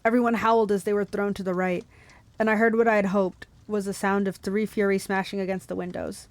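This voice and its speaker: A young woman reading a novel aloud for a book club, lively, with laughs and asides. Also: medium pitch, brisk, no room sound.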